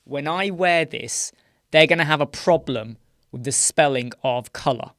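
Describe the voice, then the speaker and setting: A man's voice: on the high side, unhurried, fairly bright tone, dry recording, studio quality. A British man hosting a casual live chat stream, rambling through filler words and often ending points with "right?". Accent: British English. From United Kingdom. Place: small dark room with sound panels.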